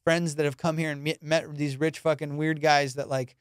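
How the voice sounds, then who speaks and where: A comedian hosts a casual podcast and tells his stories with profane energy. His voice is smooth and a little high. He is recorded dry on a close mic. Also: moderate pace, dry recording. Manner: animated, profane, laughs through his stories. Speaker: comedian host.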